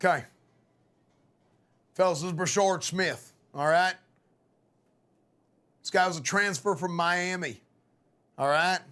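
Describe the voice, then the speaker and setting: A hoarse man giving a loud, profane mock locker-room pep talk as coach on a live gaming stream. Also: sits high, slow pace, long pauses. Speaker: streamer playing a football coach.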